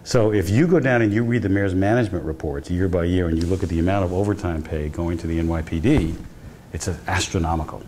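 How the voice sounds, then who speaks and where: In a university hall, a male professor with a low, slightly mellow voice gives a guest lecture over slight background noise. He narrates stories conversationally, often breaking off to restart his sentences.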